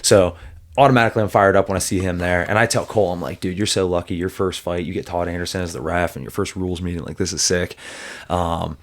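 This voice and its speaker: A man who coaches fighters, co-hosting a podcast and telling a story with animated energy and frequent laughter. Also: deep voice, fast talker. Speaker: MMA coach and podcast co-host. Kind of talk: casual podcast chat.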